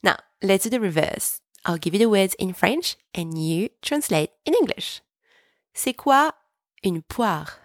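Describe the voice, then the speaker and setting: A woman teaching a podcast French lesson, pronouncing each word slowly and clearly so listeners can repeat after her. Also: medium pitch, lively intonation, dry recording, clean studio sound. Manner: clear, slow, deliberate pronunciation for repeating. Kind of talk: podcast language lesson with repetition drills.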